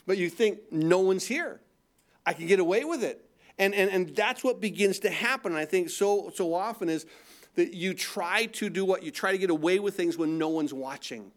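Speaking at a moderate pace, a middle-aged man delivers a relaxed, conversational sermon as pastor. His voice is slightly higher than most men's, and he frequently repeats words and asks rhetorical questions.

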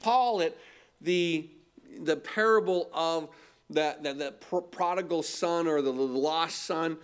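A man's voice: on the high side, takes it slowly, clean tone. A man preaching a sermon, emphatic, repeating phrases and asking the congregation rhetorical questions. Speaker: pastor.

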